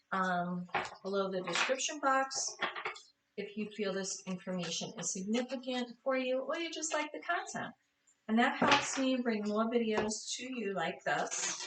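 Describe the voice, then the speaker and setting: Tired woman tarot reader, fairly high voice, chatty and apologetic, roomy echo with the mic set back. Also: far from the mic, heavy background noise. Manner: chatty, apologetic, self-correcting. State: tired, yawning. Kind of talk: casual tarot reading.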